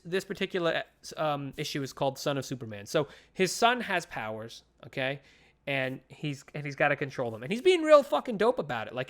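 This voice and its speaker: Animated man retelling comics. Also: fairly high pitch. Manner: animated retelling, acting out characters' lines; frequent profanity and fillers. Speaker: podcast co-host. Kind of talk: casual comic book chat.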